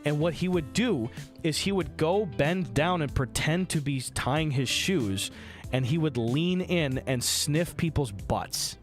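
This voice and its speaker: A young man telling a story on a live stream, his voice high for a man and jumping all over. He swears freely and acts out what other people said. A faint bed of music sits under his talk. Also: animated, slow pace.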